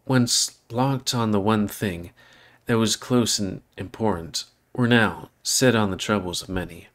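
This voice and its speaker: A man's voice: lowish voice, fairly bright tone. A man reading Max, a remorseful male dog. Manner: earnest, reflective reading. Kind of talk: reading a visual novel aloud.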